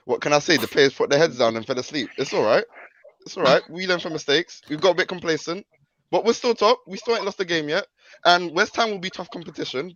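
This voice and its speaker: A man's voice: fairly high pitch, a bit bright, highs cut off. A man joining a football podcast over a video call, speaking confidently in defence of his team. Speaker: guest podcast panelist. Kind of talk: casual banter.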